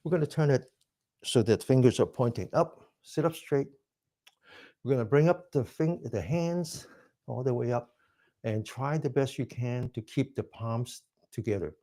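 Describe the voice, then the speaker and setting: Calm man guiding breathing exercises. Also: medium pitch. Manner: calm step-by-step instructions, counting slowly; drops to a soft whisper for breathing phrases. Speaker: mindfulness exercise instructor. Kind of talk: guided movement and breathing class.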